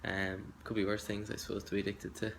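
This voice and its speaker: Hesitant young Irish man, flat low voice. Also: quick pace, a little hiss or hum. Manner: hesitant and rambling, self-deprecating. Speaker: acting hopeful. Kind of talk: self-introduction audition video.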